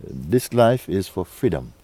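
A man with a low voice leads a spiritual talk for a gathering. His tone is dark and mellow. He speaks slowly and coaxingly, with soft chuckles and frequent checks of "you see?". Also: sing-song, slightly rough. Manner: unhurried, coaxing, often asks "you see?". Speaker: spiritual teacher.

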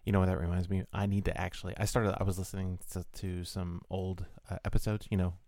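A man with a Southern Maryland accent chats on a podcast in a lowish voice. His words tumble out fast, full of restarts. The sound is dry and close. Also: little pitch movement, darkish tone, no room sound. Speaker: podcast co-host. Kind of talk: casual chat.

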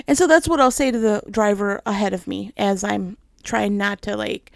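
Female host, middle-aged, gravelly fry, dry close sound, chatty faith talk with easy laughs. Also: mid-range voice, moderate pace, hardly any pauses, no room sound. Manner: chatty, gentle, with frequent laughs.

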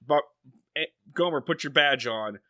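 Comedy podcast co-host: bright, lively man, dry close mic. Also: a little high, dry recording. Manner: animated, profane, retells scenes in quick mock voices. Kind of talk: casual comedic chat.

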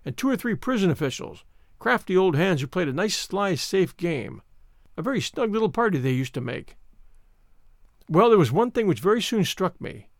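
Casting: male audiobook narrator, expressive first-person telling, high and animated. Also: no room sound, clean studio sound.

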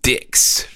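A man co-hosting a podcast in casual chat, crude and laughing, breaking into loud joking bits. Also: dry recording, clean studio sound. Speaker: podcast co-host.

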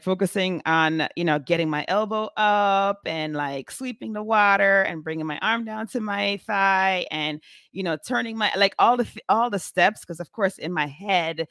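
A woman in her forties telling a story in a casual vlog, chatty and animated, with many fillers. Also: lowish voice, no echo, clean studio sound. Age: 40s.

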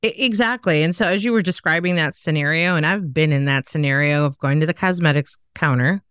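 A woman's voice: low-pitched, fairly quick, clean tone, dry recording, studio quality. A woman host, chatting in a casual interview and acting out the dialogue in her stories. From Southern United States. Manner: animated storyteller who acts out quoted dialogue. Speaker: podcast host.

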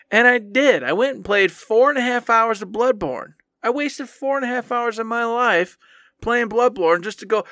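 A young man on a gaming podcast chews out his past self with mock anger, sometimes slipping into a whiny parody of himself. His voice sits high and sounds bright and forward. The mic is close and dry. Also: lively intonation, moderate pace, no room sound. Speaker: podcast co-host. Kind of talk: casual podcast chat.

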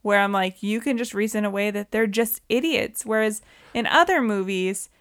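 A woman's voice: medium pitch, normal speed, fairly bright tone, clean tone. A woman co-hosting a podcast, chatting casually about a movie and recounting scenes. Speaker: podcast co-host. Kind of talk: casual movie-review chat.

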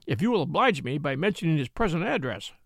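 A man voicing a polite, oblivious male doctor in a storybook reading, talking loudly and cheerfully. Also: fairly high pitch, very animated, quick pace, vocal fry, dry recording, clean studio sound, full character voice. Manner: loud, cheerful and overly polite.

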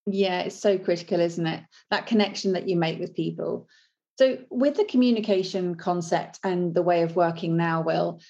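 A woman hosts the interview and asks measured, thoughtful questions. Her voice is low, gravelly and dark. The audio is dull and lo-fi.

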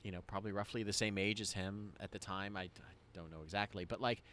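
A man's voice: lowish voice, fairly even intonation, fast, fairly bright tone, a little hiss or hum. A man co-hosting a podcast, chatting casually with fillers and jokes. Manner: rambling, jokey, with many fillers. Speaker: podcast co-host. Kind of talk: casual chat.

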